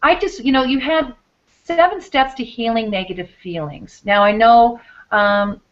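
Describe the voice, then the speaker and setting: A woman's voice: fairly high pitch, measured pace, muffled recording. A woman hosting a talk show, earnest and meandering, with many fillers. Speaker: show host.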